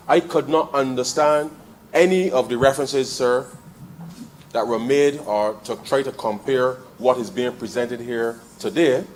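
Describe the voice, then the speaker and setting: Barbadian male parliamentarian, middle-pitched voice, desk mic in the chamber, restarts and repeats, punches points hard. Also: a little hiss or hum. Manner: addresses the chair as "sir" nearly every phrase; repeats and restarts phrases, building to forceful emphasis. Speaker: member of parliament. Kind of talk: parliamentary debate speech.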